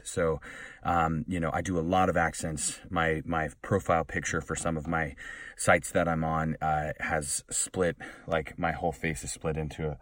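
A man's voice: rumbling low, fairly bright tone, no echo, distant mic. A man who works as a voice actor, talking earnestly and a little ramblingly in a casual vlog from his small recording booth. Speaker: professional voice actor.

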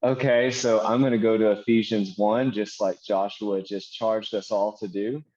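Earnest guy teaching devotional bible reading, slows way down on verses, dull audio. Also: fairly low pitch, steady tone, darkish tone. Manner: earnest, slows to read verses aloud as prayer. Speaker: minister.

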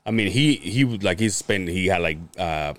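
A man's voice: low-pitched, normal speed. Guy on a podcast spinning a funny story, does the voices, laughs a lot, swears easy. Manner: animated storyteller, acts out quoted people, lots of swearing and laughing. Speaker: podcast co-host. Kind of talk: casual storytelling chat.

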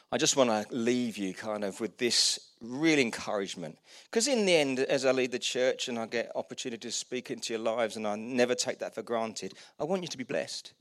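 A man's voice: mid-range voice, no echo, clean studio sound. A middle-aged man, a pastor preaching a sermon and acting out short everyday dialogues. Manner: animated preaching, acts out little dialogues.

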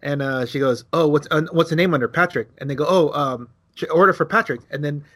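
A man co-hosting a podcast, telling a casual story, acting out quotes with big jumps in his voice and swearing freely. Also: fast. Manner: animated, acts out quotes with big pitch jumps. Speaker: podcast co-host.

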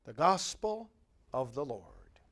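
A male priest giving liturgical readings and a homily in a measured, solemn way with long pauses. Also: medium pitch, sing-song, fairly bright tone.

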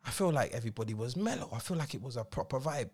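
Man in his forties, London accent, casual podcast chat, animated storyteller, acts out quotes. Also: mid-range voice, rapid-fire, husky. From England. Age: 40s. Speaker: podcast co-host and DJ.

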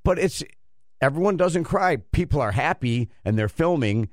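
A middle-aged man hosting a radio show, rambling and halting as he tells a story in casual banter. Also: on the high side, animated, dry recording, clean studio sound. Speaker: radio host.

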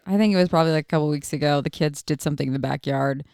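A woman's voice: low voice, very fast, gravelly, a little mellow. A woman guest in a casual talk, speaking candidly about her own parenting and laughing easily. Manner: candid, laughs easily, short agreeing replies. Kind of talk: casual chat.

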